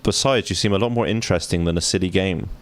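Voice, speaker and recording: A man doing a hulking huntress killer from a dating game, lines read as a soft, reassuring woman. The voice stays low and deep, without any put-on accent. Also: fast, slight background noise. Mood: soothing. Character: hulking female huntress killer, calm and flirty.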